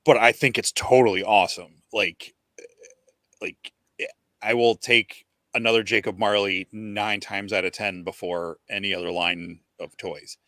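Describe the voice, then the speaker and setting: A man's voice: lowish voice, fairly even intonation, a little slow, sharp tone, no echo. A man hosting a casual podcast, enthusiastic but hesitant, with many ums and restarts. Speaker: podcast host. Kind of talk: casual chat about collectible toys.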